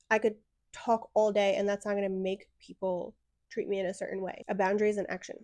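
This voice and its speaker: A woman's voice: mid-range voice, flat delivery, fast talker, mellow, no echo, clean studio sound. A young woman answering viewer questions about self-worth in a blunt, frank advice talk with sassy asides. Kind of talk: direct-to-camera advice talk.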